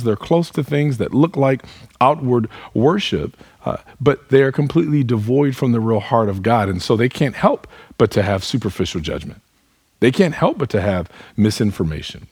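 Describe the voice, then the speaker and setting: A man's voice: mid-range voice, darkish tone, husky, dry recording. A pastor preaching a sermon, earnest, putting direct questions to his listeners. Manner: speaks to the congregation as "y'all".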